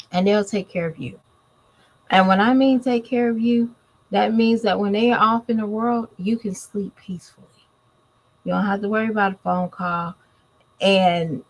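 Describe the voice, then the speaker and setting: A woman's voice: medium pitch, low-quality recording. A woman, giving blunt, scolding commentary straight to her viewers in a casual vlog. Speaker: commentary vlogger.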